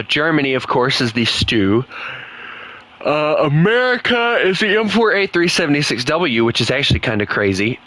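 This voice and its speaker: Bright-voiced Southern man streaming games. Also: medium pitch. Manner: chatty, rambling, fillers, talks to chat. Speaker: gaming streamer. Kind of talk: casual live commentary.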